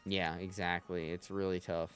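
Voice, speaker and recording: A man's voice: low-pitched, flat delivery, normal speed, faint music behind. A man streaming an online game, chatting casually with viewers and teammates as he plays, swearing freely along the way. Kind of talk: casual gameplay commentary.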